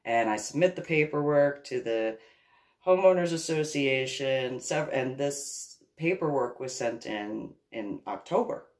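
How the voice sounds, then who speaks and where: A woman casually telling a long personal story in a rambling, animated way, with laughs and restarts along the way. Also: rumbling low, a little slow.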